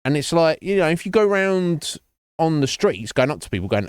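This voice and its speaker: A young man streaming, telling a profane, animated story about a coffee job and acting out the people in it. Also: on the high side, a little fast, clear, resonant tone. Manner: profane, animated ranting with voiced quotes. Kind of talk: ranting story while streaming a game.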